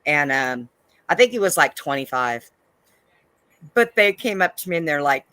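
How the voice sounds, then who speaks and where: A woman's voice: low-pitched, lively intonation, normal speed, long pauses, fairly bright tone, dry recording. A woman co-hosting a podcast, telling a bawdy story with lots of laughter. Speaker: podcast co-host. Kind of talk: casual chat, storytelling.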